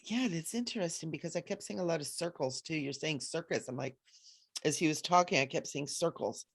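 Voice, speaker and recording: A woman's voice: low-pitched, fairly quick, husky, no room sound, clean studio sound. A woman co-hosting a casual spiritual discussion who relays channeled messages with fillers and light laughs. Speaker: co-host and channeler.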